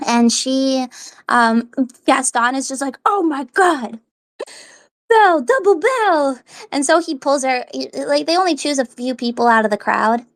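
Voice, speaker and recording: A woman's voice: high-pitched, normal speed. A young woman hosting a live audio chat, telling rambling stories and laughing often. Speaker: social audio host. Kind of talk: casual chat.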